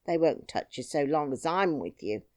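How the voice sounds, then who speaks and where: A woman's voice: low-pitched, sing-song, moderate pace, no echo, clean studio sound. A woman voicing a brave, cheerful twelve-year-old miner boy who talks boldly and plainly. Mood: frank. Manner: bold, singing taunts, plain-spoken.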